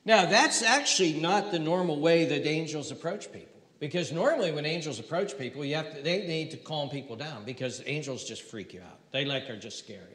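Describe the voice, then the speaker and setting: Animated man preaching in an echoey hall. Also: on the high side, fairly quick, few pauses. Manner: conversational, animated, acts out scenes. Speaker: pastor. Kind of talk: sermon. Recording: echoey hall with long reverb.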